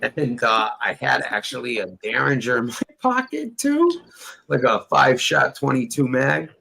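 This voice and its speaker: A man with a gravelly, creaky voice tells a rambling, profane tale in casual chat. He acts out each quoted line himself. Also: mid-range voice, animated, normal speed, sharp tone, a little hiss or hum, poor audio. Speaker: storyteller guest.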